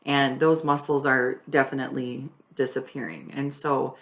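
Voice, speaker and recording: Low-voiced woman explaining plainly. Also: level tone, normal speed, gravelly, a bit bright, slight background noise. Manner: laughs often, explains plainly. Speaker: wife and caregiver explaining hospice care. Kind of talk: casual chat.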